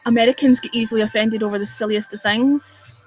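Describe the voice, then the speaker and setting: A woman's voice: on the high side, steady tone, quick pace, faint music behind. Sweary woman ranting on a livestream. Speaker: livestreamer chatting with viewers. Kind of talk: casual live-stream chat.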